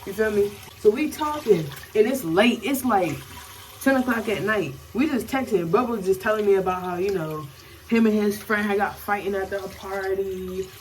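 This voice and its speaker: A young woman with a Maryland accent, telling a casual storytime to her camera in a slangy, animated way. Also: mid-range voice, moderate pace, distant mic, slight background noise, rough recording. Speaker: vlogger.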